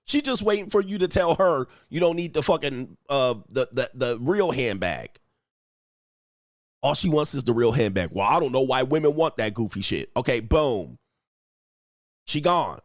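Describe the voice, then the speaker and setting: A man hosting a relationship reaction show, talking in animated, slangy casual commentary and mocking others in put-on voices. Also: medium pitch, moderate pace, dry recording, clean studio sound.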